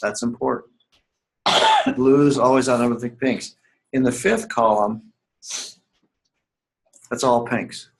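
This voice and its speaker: A man's voice: medium pitch, huge pitch swings, slow pace, long pauses, heavy background noise. A man teaching a writing seminar class live, emphatic and repetitive, often asking the students whether they follow. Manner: emphatic, repeats key points, asks the class questions.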